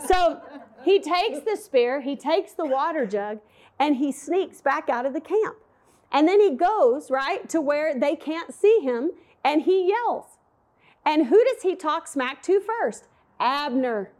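High-voiced, animated woman teaching Bible. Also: slow pace. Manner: animated, conversational, playful asides.

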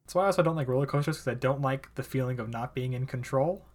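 A man's voice: medium pitch, fast. Rambling young man in casual chat. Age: young adult. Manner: rambling, many "like" fillers, laughs often. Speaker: podcast co-host.

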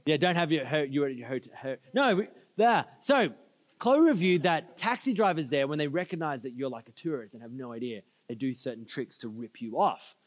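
A man preaching in a big, echoing church hall, his voice sitting high for a man. He tells stories in a casual, chatty way and pulls the congregation in to answer back. The long reverb of the room trails after each phrase. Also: lively intonation, moderate pace. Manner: storytelling, conversational asides, audience call-and-response. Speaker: pastor. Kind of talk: sermon.

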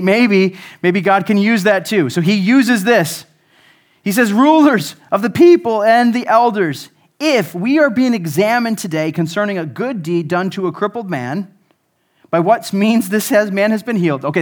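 Man, pastor, conversational sermon, high voice, animated. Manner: conversational, animated, acts out quotes.

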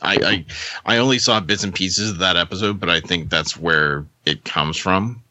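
A man co-hosting a podcast, chatting casually over a remote call, halting and often laughing. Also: low-pitched, bright, forceful tone, dry recording. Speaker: podcast co-host. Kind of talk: casual group chat on a call. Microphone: own mic on a remote call.

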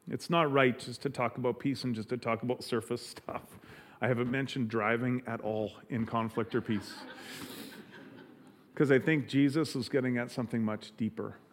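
Guy preaching, middle-aged, earnest, stops and restarts a lot, mid pitch. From Canada. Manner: earnest, halting, many restarts. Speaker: pastor. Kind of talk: sermon.

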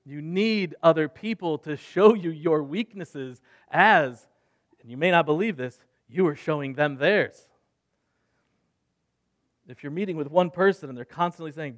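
A man preaching a sermon in an earnest way, moving between soft, quiet passages and louder emphatic ones. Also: fairly high pitch, a little slow. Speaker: pastor.

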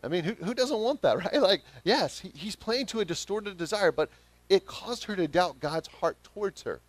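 Male pastor with a Southern accent, fairly high voice, dry close sound, preaching with rising emphatic calls. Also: animated, moderate pace, no echo. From Southern United States. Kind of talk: sermon.

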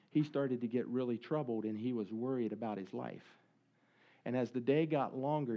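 A man's voice: mid-range voice, lo-fi sound. A man giving a sermon as a conversational, earnest story, acting out quoted dialogue as he goes. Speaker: speaker at a church service.

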